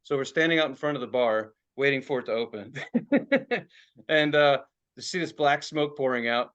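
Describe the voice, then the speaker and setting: A man's voice: medium pitch, expressive, normal speed, a bit bright. A man from Philadelphia, co-hosting a podcast and telling a rambling, profane story in casual chat, laughing as he goes. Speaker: podcast co-host.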